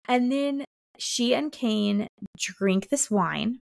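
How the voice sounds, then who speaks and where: Animated young woman chatting about a book. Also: medium pitch, a little slow, creaky, no echo, clean studio sound. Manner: animated, reads book passages aloud and acts out characters. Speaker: podcast co-host. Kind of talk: casual book-club chat.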